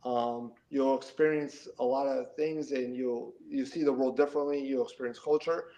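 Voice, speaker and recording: A middle-aged man from the New Jersey and New York area, chatting as a guest in a casual interview, animated, often repeating words and laughing. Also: medium pitch, normal speed, highs cut off.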